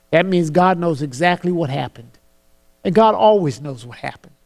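A man preaching a sermon, earnest, slowing down to quote scripture solemnly and often repeating words as he starts a phrase. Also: sits high, darkish tone.

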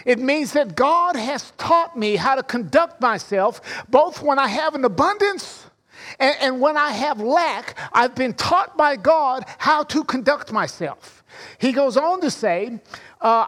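High-pitched guy preaching, leans hard on the verses he quotes. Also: animated, unhurried, a bit bright. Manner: prays and preaches, stresses quoted phrases. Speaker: pastor. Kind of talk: sermon.

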